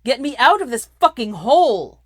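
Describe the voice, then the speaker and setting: A woman voicing a proud, bitter young man who sneers and flares into shouting. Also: low-pitched, normal speed, no echo, studio quality. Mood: furious. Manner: sullen, sneering, erupts into shouting. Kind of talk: fan fiction reading.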